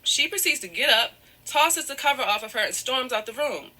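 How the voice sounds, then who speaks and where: A guest tells her side of a breakup in a high, animated, slightly fast voice that is bright and forceful. Close to tears as she recounts this painful personal story, she apologizes often, digresses, and keeps circling back with "however".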